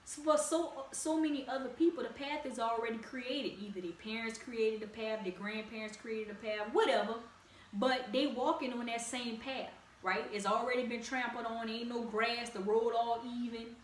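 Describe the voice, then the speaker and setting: A young woman with a heavy Louisiana accent talks straight to her listeners, encouraging and casual, with plenty of slang. Her voice sits a little high for a woman. She's a bit off-mic in an echoey room with faint ambient hiss. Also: normal speed, recorded from a distance. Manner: direct, encouraging, conversational with slang. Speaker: podcast host. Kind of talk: casual solo podcast talk.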